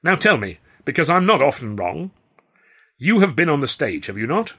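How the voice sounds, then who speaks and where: A man's voice: a little high, very animated, moderate pace, vocal fry, sharp tone, husky, pitched above the performer's own voice, heavily acted. A man voicing a flamboyant old male circus clown with a theatrical, insistent manner. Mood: effusive.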